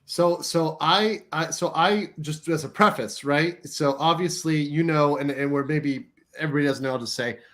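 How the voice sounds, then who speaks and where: A man's voice: a little high, normal speed, hardly any pauses, fairly bright tone. A man from the United States in a casual chat, rambling with many fillers, swearing often and keeps checking in with "right?". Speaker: co-host.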